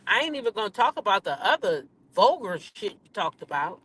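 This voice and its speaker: A woman's voice: medium pitch, very animated, a little fast, few pauses, a bit bright, husky. Sassy woman ranting on gossip. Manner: sassy, emphatic, repeats her points. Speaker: commentary channel host. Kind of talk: casual gossip commentary rant.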